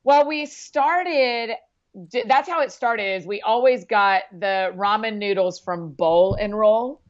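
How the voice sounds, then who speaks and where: A bubbly, chatty woman being interviewed on a podcast, laughing often as she talks. Her voice sits at a middling pitch. The audio is a little dull and muffled. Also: slow pace. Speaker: podcast guest, author. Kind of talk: casual interview chat.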